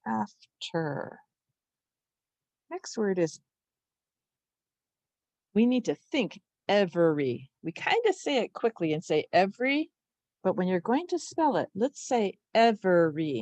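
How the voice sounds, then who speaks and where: A woman teaching a spelling lesson to young children, slowly sounding out each syllable with patience. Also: medium pitch, big pitch swings, darkish tone, dry recording.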